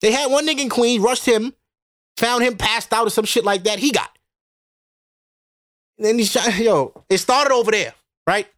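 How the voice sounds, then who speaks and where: A man's voice: extremely high pitch, normal speed, long pauses, a bit bright, no echo, studio quality. A man from Brooklyn with a New York accent, hosting a podcast in a rambling, profane, exasperated monologue. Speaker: podcast host. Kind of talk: casual ranting monologue.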